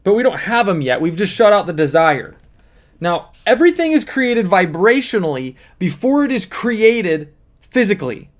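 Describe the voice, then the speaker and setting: A man's voice: high-pitched, sing-song, normal speed. A man speaking as a manifesting coach, explaining step by step in an earnest teaching monologue with repeated emphasis.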